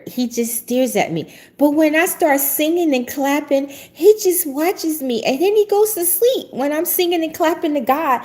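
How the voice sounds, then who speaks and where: A middle-aged host, chatting casually in a somewhat high voice. She talks in a lively, rambling way and laughs often. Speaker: prophetic show host. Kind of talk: casual livestream chat.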